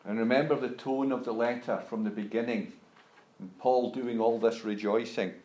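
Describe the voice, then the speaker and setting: A man preaching a sermon, speaking deliberately and rising to emphatic peaks as he reads scripture aloud. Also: mid-range voice, fairly even intonation, a little mellow. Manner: slow, deliberate, emphatic rises when reading scripture. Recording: roomy echo.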